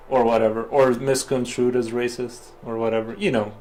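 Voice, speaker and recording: Here the streamer speaks at a normal speed with few pauses, his voice mid-range. He draws at home in his studio while chatting loosely to his live audience, full of fillers and false starts.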